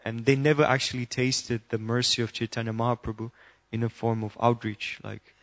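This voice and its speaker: Man asking a question from the floor, level monotone, dry close sound. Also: medium pitch, brisk, no echo. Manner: listing points in a steady, even tone. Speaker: audience member asking a question.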